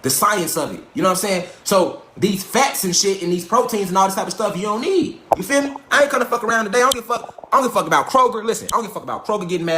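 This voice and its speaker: A man preaches to his livestream viewers in a profane, mocking rant. His voice sits high and the words tumble out fast. The phone audio carries a roomy echo. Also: fairly bright tone, a little hiss or hum. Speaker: livestream host.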